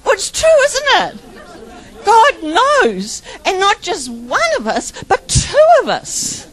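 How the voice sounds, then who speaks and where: A woman's voice: extremely high pitch, huge pitch swings, a little slow, fairly bright tone, a faint crowd, low-quality recording. A middle-aged woman preaching a personal testimony sermon, telling her story with laughter and tearful moments.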